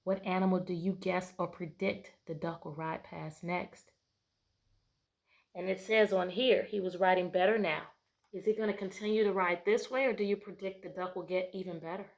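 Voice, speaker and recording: A woman teacher reads a picture book aloud to her class at normal speed, her voice fairly low and her tone steady. Between pages she patiently asks the children to predict what happens, and she puts on bright, playful voices for the story animals.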